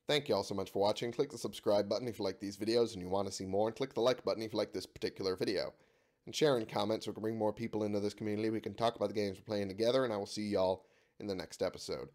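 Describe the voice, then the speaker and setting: Sick, cursing low-voiced gaming host. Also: male voice, steady tone, quick pace, a little mellow. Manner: swears freely, exasperated at the game. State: sick, voice giving out. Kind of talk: let's-play commentary.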